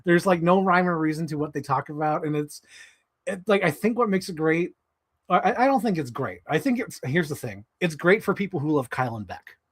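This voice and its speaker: A man hosting a live stream, chatting casually about toys and podcasts in a profane, animated, rambling way. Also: a little high, a little fast.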